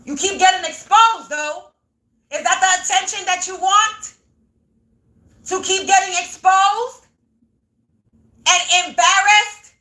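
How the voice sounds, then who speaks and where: High, bright-voiced woman ranting on a live reading. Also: fairly even intonation, takes it slowly, pauses often. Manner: swears a lot, swings between muttering and shouting. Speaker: tarot reader on a livestream. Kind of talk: livestream tarot reading, ranting. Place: home room.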